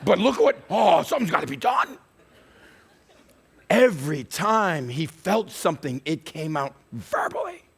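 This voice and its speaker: Animated male pastor preaching. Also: a little high, measured pace, gravelly, slightly rough. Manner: animated storytelling with acted-out quotes. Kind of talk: sermon.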